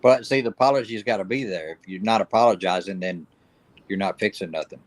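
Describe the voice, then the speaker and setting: A man with a low voice talks quickly and keeps his remarks brief and laid-back as a livestream guest. The sound is dry and close. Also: no room sound. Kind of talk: casual chat.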